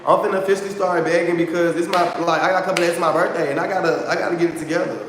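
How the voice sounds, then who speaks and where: Chatty high-voiced man livestreaming. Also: fairly even intonation, racing, roomy sound, in a large hall, background noise. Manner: chatty, repeats himself, addresses viewers as y'all. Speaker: livestream host. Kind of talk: casual livestream chat.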